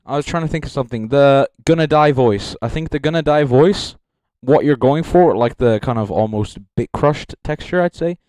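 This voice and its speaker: Speaking at normal speed with hardly any pauses, a young man gives casual livestream commentary as a judge, rambling, joking between thoughts and heavy on filler. His medium-pitched voice is a little mellow, captured on a handheld mic in a dry recording.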